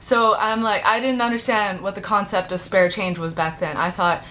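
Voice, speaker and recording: A young woman whose first language is Chinese talks to her vlog audience in a loose, rambling way, stacking up the word "like" as she tells a story. Her voice sits in a middling register for a woman. A faint rumble of noise runs underneath. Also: steady tone, moderate pace, hardly any pauses, bright, forceful tone. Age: young adult. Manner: chatty and rambling, heavy use of "like". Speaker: vlogger.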